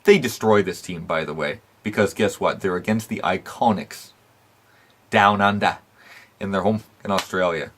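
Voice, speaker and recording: A man with a lowish voice rants through a casual recap, blunt and profane. He swears nearly every sentence and fills the gaps with "uh" and "um", all in loose, opinionated show talk. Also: normal speed. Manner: animated rants with frequent fillers and laughs. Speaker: wrestling podcast host.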